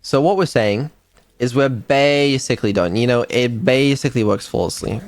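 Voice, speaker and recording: A man's voice: mid-range voice, normal speed. A man, a developer and streamer, chatting casually on a live dev stream, laid-back and mumbling, with ums and the odd swear.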